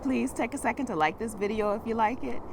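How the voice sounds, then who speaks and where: A woman hosting a travel interview show, wrapping up with a direct, upbeat pitch to viewers. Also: fast talker, creaky, background noise. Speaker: host. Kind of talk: casual interview and sign-off pitch.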